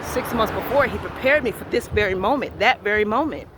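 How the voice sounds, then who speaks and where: High-voiced man telling a story outdoors. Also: lively intonation, fairly quick, background noise. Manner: acts out quoted dialogue, shifts between soft and loud. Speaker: vlogger sharing a personal faith testimony. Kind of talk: emotional personal storytelling.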